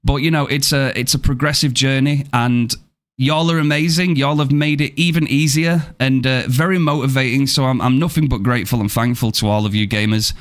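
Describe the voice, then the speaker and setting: Male streamer, casual and upbeat, chats warmly with his viewers, mid-range voice. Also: medium pitch, fairly even intonation, a little fast. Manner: upbeat, thanks viewers and reads chat aloud. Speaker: game streamer. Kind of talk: casual live-stream chat.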